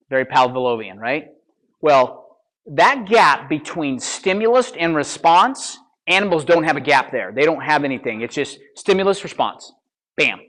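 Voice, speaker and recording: A man's voice: fairly high pitch, a bit bright. A man coaching real estate agents at a seminar, punchy and blunt, constantly checking in with "all right?" and "okay?" and mocking excuses. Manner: acts out excuse-makers in mocking voices. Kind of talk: motivational seminar talk.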